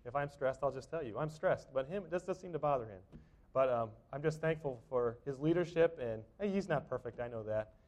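A man's voice: medium pitch, animated, brisk, a little mellow. A middle-aged man preaching a sermon in a church, talking in a conversational way with frequent restarts and fillers. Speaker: pastor. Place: church sanctuary.

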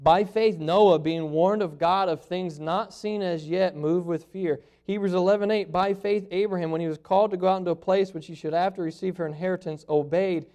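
Guy preaching w a high voice, gets loud then drops real quiet, drags out the big lines. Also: fairly even intonation. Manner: dramatic swings from loud to hushed, slows for emphasis. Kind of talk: sermon.

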